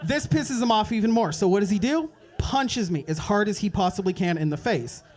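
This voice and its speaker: High-voiced young man doing stand-up. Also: expressive, brisk, darkish tone. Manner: loose rambling storytelling with voiced asides. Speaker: stand-up comedian. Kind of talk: stand-up comedy set. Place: open mic comedy club.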